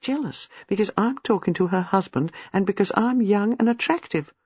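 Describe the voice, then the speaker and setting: A man reading a novel aloud, voicing a lively, inquisitive young woman in a raised tone. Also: high voice, moderate pace, slightly rough, no echo, voice pushed up. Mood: mischievous. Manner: bright, eager, rising tone. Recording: slightly muffled, dry.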